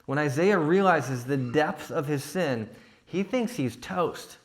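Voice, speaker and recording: Animated but slow, a fairly high-voiced young adult ministry speaker delivers a sermon during a church retreat session. He keeps it conversational, often saying "like" and checking in with "right?".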